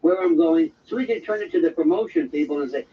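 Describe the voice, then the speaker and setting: A man hosting an overnight radio talk show. He tells a wandering, jokey monologue and slips into quick impressions. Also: fairly high pitch, animated, recorded from a distance, lo-fi sound, slight background noise. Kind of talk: rambling comic monologue.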